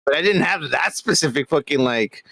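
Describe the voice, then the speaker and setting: A man's voice: a little high, animated, moderate pace, fairly bright tone, no echo. A man co-hosting a podcast in casual drunk chat, loose and laughing. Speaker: podcast co-host.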